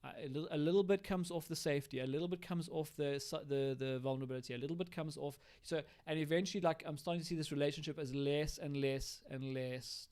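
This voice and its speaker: A man's voice: fairly high pitch, steady tone, fast talker, hardly any pauses, darkish tone. A man explaining communication styles in a live-streamed teaching talk, acting out example lines as he goes. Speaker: recovery educator.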